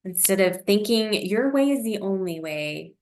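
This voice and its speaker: A woman presenting a wellness lesson in a gentle, encouraging way, with frequent "um"s. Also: medium pitch, expressive, unhurried. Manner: gentle, encouraging, uses fillers like um.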